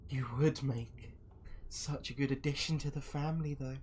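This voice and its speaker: A high-voiced, fawning cultist woman in a skull mask, put on by a man running a tabletop game. She gushes in a sing-song lilt with a playful threat underneath, swooping well above the performer's own voice. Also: fairly even intonation, normal speed, darkish tone, a little hiss or hum, lightly acted. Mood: gushing.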